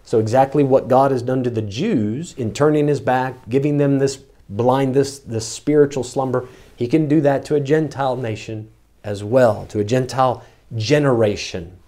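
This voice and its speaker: A man preaching an expository sermon, reading scripture slowly and repeating words for emphasis. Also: medium pitch, warm tone.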